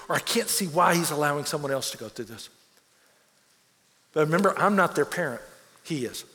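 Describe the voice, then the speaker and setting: A man's voice: on the high side, fairly bright tone, big-room sound. A man preaching a sermon as a pastor, earnest, repeating words as he presses his points.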